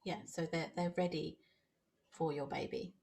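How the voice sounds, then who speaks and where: A woman podcast host listening and responding gently and quietly. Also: low-pitched, fairly even intonation, normal speed, gravelly. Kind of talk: supportive listening.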